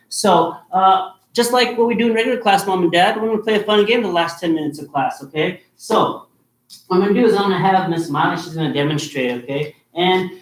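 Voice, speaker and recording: A man instructing children in a martial arts class, explaining a game in steady commands. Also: sits high. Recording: roomy sound from far off.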